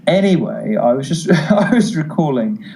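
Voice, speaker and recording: A man's voice: fairly high pitch, very animated, moderate pace, creaky, mellow, low-quality recording. A man with a posh British accent, talking as a guest in a camp, theatrical, storytelling manner. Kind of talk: casual chat, storytelling.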